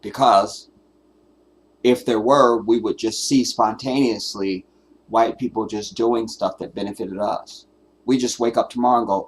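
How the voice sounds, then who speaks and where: A man's voice: lowish voice, fairly even intonation, a little slow, slight background noise. A man hosting a live stream, delivering an emphatic, profane, preachy commentary rant. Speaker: livestream host.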